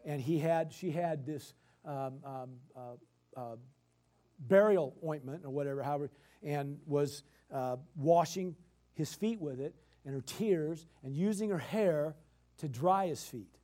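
A male preacher delivering a sermon, emphatic and repetitive, swinging from loud bursts to quiet explaining. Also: a little high, a little slow.

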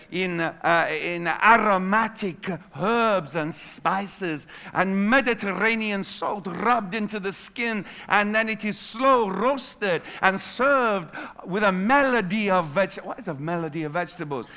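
A male pastor putting on a poetic restaurant waiter who slowly describes the dishes. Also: sits high, bright, forceful tone, exaggerated voice. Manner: slow, ornate, poetic.

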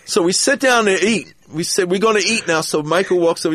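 A man guesting on a podcast, telling an anecdote in an animated, profane way and acting out the quotes. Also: high-pitched, a little fast, a little hiss or hum. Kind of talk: storytelling anecdote.

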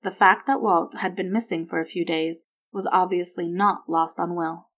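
A woman narrating a story in a steady, even reading voice. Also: lowish voice, normal speed.

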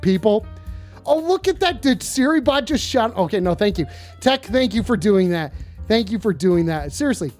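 A rowdy host in their thirties runs a live call-in stream, swearing constantly and breaking into loud whoops. The voice sits at an ordinary middle pitch, with faint music playing underneath. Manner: excitable, swears constantly, bursts into shouting. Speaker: live stream host taking phone calls. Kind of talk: loud, profane casual stream chat.

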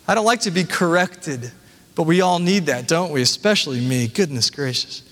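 A man's voice: fairly high pitch, expressive, normal speed, fairly bright tone, in a large hall. A man in his thirties, a pastor preaching a sermon and reading scripture with personal asides.

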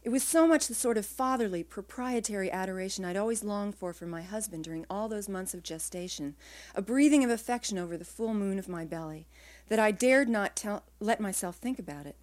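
At a live literary reading, a woman author reads her own first-person prose aloud. Her voice sits at a medium pitch, and her delivery is measured and quiet.

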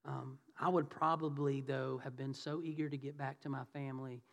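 A pastor preaches a conversational sermon in a reverberant church hall, his medium-pitched voice creaky and fairly bright with a level tone at a moderate pace. He asks the congregation questions and acts out the voices of the people in his story.

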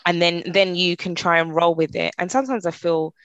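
Low-voiced woman, casual chat. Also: fairly quick, dry recording, dull audio. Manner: animated, acts out quotes with high voices. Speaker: podcast co-host.

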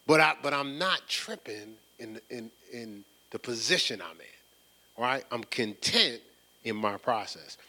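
A man preaching in a casual, conversational way, teaching from scripture with slangy phrasing and repeated words, building up excitement as he goes. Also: mid-range voice, a little slow. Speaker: preacher leading a Bible study. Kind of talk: conversational sermon.

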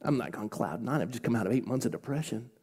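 A middle-aged man, a pastor, preaching an emotional sermon story, choked up, swinging from loud lines to hushed whispers. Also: mid-range voice, expressive, fast talker, husky.

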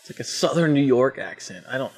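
A man's voice: mid-range voice, animated, brisk, a little mellow. Incredulous laughing male podcast host. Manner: laughing, incredulous, swears freely. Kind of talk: casual chat reacting to online posts.

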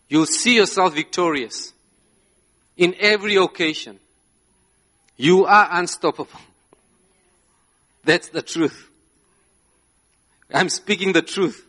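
A man with a slightly high, fairly bright voice delivers a sermon to a live congregation, slides on display. His preaching is emphatic, dotted with laughs and repeated "yeah?" questions.

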